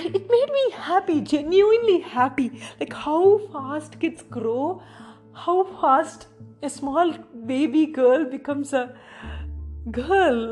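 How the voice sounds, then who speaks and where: A woman from India, likely in her thirties, hosting a casual personal podcast. She talks in a gushing, emotional way and keeps saying how amazed she is. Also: on the high side. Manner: gushing, emotional, repeats "oh my God". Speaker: podcast host.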